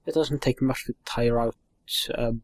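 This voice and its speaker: A man's voice: mid-range voice, fairly even intonation, a little slow, a little mellow, no echo, lightly acted. A man voicing a sweet, fussy old woman doting on her pet. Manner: fussing, cooing.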